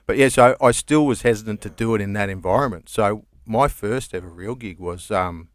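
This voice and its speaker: An Australian man with a low, grounded voice spins long, rambling comedy stories, laughing easily and swearing without fuss. The sound is dry and close to the mic. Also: a little fast, no echo. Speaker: comedian guest. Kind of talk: casual storytelling chat.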